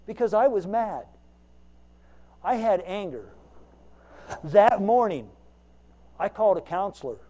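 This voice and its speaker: High-voiced man preaching a folksy sermon. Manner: folksy and self-mocking, swinging between loud emphasis and quiet asides. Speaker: lay preacher.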